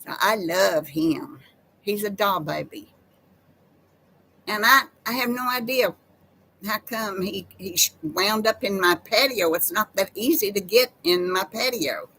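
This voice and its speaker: A woman chats folksily with viewers on a live stream. She takes her time, with an easy, drawn-out pace. Her talk is homey and personal. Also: mid-range voice, sharp tone, a little hiss or hum, poor audio. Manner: folksy, chatty, addresses viewers as y'all. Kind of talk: casual live chat.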